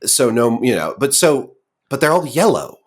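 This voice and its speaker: A man's voice: mid-range voice, big pitch swings, normal speed. A man hosting a casual interview, speaking in a thoughtful, hedging way. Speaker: interviewer, host.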